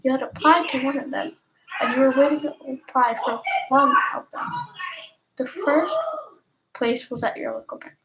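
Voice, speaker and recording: A woman reading a second-person story as soft-spoken ASMR narration, slow and half-whispered with small slips. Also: sits high, heavy background noise.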